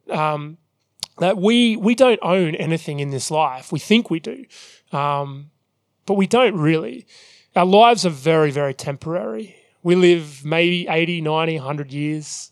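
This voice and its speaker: A man preaching a sermon with an earnest, measured delivery that often pauses on "um". His voice sits a little high for a man. The sound is dry and close, with almost no room around it. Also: dry recording. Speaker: pastor.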